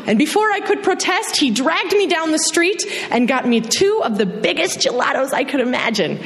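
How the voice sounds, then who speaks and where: A young woman telling a personal story to an audience, animated and self-mocking, acting out the dialogue. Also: sits high, moderate pace, in a large hall.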